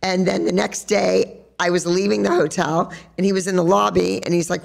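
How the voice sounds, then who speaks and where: A woman who hosts a podcast and teaches dance, telling stories in a chatty, animated way at a live show in a sports bar. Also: on the low side, brisk, vocal fry. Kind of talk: storytelling on stage at a live podcast event.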